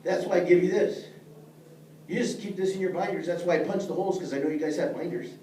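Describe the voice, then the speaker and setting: A middle-aged man teaches leadership in a high, dark voice, speaking fast with a steady tone. He is earnest and plain-spoken, addressing his listeners directly, captured by a distant mic in an echoey room with faint noise.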